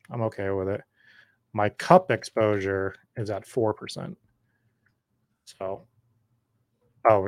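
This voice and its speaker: A man's voice: fairly low pitch, no echo. A man hosting a podcast, talking in a rambling, chatty way as he drafts and answers viewer comments, his voice slightly worn. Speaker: podcast host. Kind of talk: casual live drafting commentary.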